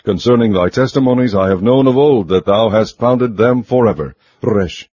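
A man reading scripture aloud in a measured, even, solemn recitation. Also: fairly low pitch, husky, no room sound. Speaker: scripture reader. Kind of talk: steady scripted Bible reading. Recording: muffled lo-fi recording.

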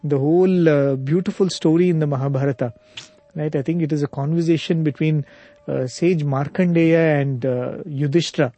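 Man, casual storyteller, halting with fillers and chuckles, warm low-brightness tone, dry mic. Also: steady tone, no room sound. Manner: hesitant, many fillers, chuckles while telling. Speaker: storyteller in a spiritual discussion.

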